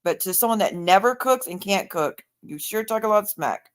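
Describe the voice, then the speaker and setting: A woman's voice: mid-range voice, expressive, moderate pace. A woman chatting casually on her livestream, blunt, profane and openly sarcastic.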